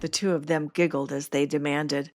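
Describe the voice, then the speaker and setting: Low-voiced woman reading a wry memoir. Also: little pitch movement, moderate pace, darkish tone. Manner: wry, self-mocking humor. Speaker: podcast host reading her memoir. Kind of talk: first-person memoir narration.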